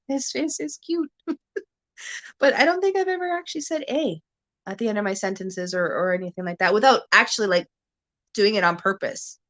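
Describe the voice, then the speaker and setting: With a voice that sits high and a bit bright, the Ontario woman hosts her casual home livestream in a Canadian accent. She rambles and laughs often, recorded on a camera on a stand.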